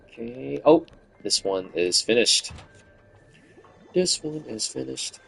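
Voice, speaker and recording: A man's voice: medium pitch, animated, takes it slowly, gravelly, a bit bright. A man streaming a game with casual chatty commentary, laughing often and humming along, his voice tired after hours of talking. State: voice fatigue.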